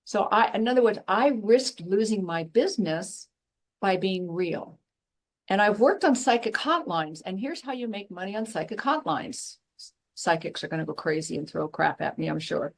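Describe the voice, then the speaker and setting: Woman on a podcast, blunt and fired up, talks straight, mid-pitch voice, jumps up loud when making a point. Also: normal speed. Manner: blunt, emphatic, animated storytelling. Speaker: guest, former professor and intuitive. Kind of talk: passionate conversational interview.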